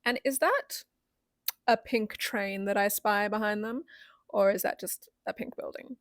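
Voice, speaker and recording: A woman's voice: medium pitch, moderate pace, dry recording, clean studio sound. A woman hosting a reaction video, gushing giddily with frequent squeals and laughs.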